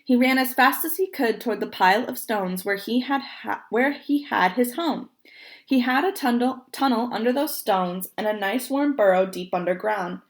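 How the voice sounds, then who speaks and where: A young woman reading a picture book aloud, gentle and expressive, pausing to point at the pictures. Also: fairly high pitch. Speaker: storybook reader.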